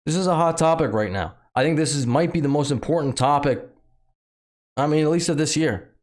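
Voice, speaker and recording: A man's voice: on the high side, a little fast, a little mellow. A man with a slight lisp hosting his own channel, giving heated, repetitive commentary full of fillers and restarts. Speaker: channel host commenting on news. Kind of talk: casual ranting commentary.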